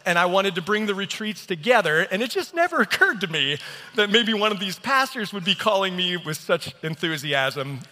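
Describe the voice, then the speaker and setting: Pastor guy preaching, earnest storytelling, bright voice, long church reverb. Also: sits high, sing-song, normal speed. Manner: earnest storytelling, self-deprecating. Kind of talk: sermon. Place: church hall.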